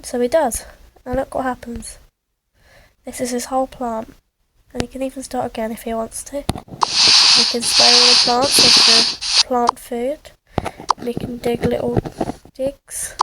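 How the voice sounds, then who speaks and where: A woman's voice: a little high, flat delivery, measured pace, long pauses, very noisy. Woman narrating a game story. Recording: loud game music behind.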